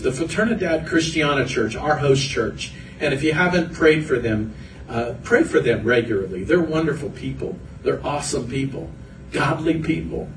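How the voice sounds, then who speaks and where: A man's voice: fairly high pitch, recorded from a distance, slight background noise. Man preaching a sermon in an echoey hall. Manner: earnest preaching with repeated phrases. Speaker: pastor. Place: church hall.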